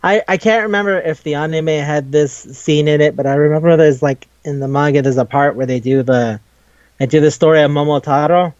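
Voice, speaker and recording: A man chatting casually on a podcast, rambling and swearing freely as he retells scenes and slips into quick voices for each character. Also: on the high side, fairly even intonation, darkish tone, dry recording, dull audio. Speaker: podcast co-host. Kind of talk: casual chat.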